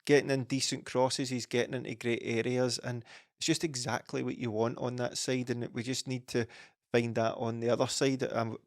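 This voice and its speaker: A man on a football podcast giving a measured, steady read on a defender. His pitch barely moves, staying level and even as he talks. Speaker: podcast co-host. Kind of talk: casual football podcast chat.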